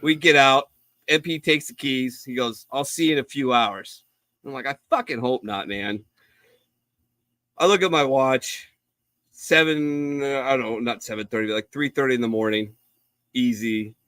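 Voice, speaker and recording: Bright-voiced man telling a profane story. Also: mid-range voice, normal speed, no echo. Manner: profane, rambling anecdotes with acted-out quotes. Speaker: podcast co-host. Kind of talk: casual storytelling on a live show.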